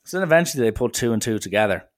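A man's voice: mid-range voice, animated, very fast. Irish man telling a rambling story. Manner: rambling, self-mocking. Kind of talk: casual storytelling.

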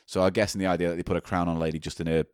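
A man's voice: sits low, little pitch movement, racing, clear, resonant tone, no echo, studio quality. A man co-hosting a comedy podcast, reading out facts loosely with cheeky asides. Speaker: podcast co-host. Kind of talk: casual comedy podcast chat.

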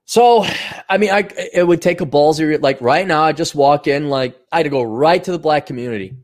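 A man hosting his own show, ranting alone in a profane, sarcastic way. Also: a little fast. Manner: profane, sarcastic, mocks others in high mimicking voices. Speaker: podcast host. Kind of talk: ranting solo monologue.

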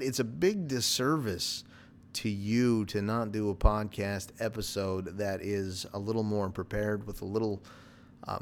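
A man with a lowish, gravelly voice talks alone into his podcast mic. He rambles in a loose, offhand way and drops wry, self-mocking jokes. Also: a little hiss or hum. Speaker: podcast host. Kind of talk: casual solo podcast monologue.

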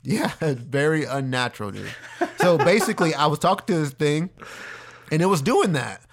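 A man talks in a relaxed way on a podcast, with a voice a little higher than most men's. He laughs often and keeps saying dude. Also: normal speed, background noise. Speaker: podcast co-host. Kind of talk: casual chat.

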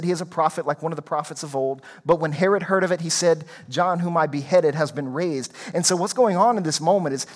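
Pastor guy preaching, kinda high voice, earnest and emphatic, leans on repeated lines. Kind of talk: sermon.

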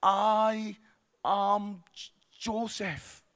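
A man's voice: very high-pitched, flat delivery, normal speed, a bit bright, full character voice. Timid stammering little boy in a school play, done by a man. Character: scared hesitant little boy playing Joseph.

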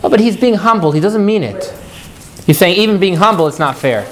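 A man teaching a live class, animated and jokey, putting questions to his students. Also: sits high, brisk, noisy background.

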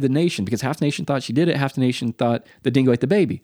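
A man from the United States co-hosting a podcast, telling a story in a lively way and acting out the quotes. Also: mid-range voice, racing, few pauses, no room sound, studio quality. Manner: animated storyteller, acts out quotes. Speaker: podcast co-host. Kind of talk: casual podcast chat.

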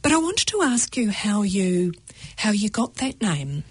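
Husky New Zealand woman interviewing. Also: medium pitch, sing-song, measured pace, dry recording. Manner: friendly, encouraging. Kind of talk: interview questions.

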